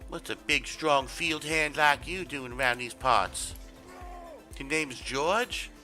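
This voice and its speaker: A man's voice: on the high side, slow pace, pushed and bright, soft background music, full character voice. A man putting on the voice of a flirty Southern belle woman with a sugary drawl.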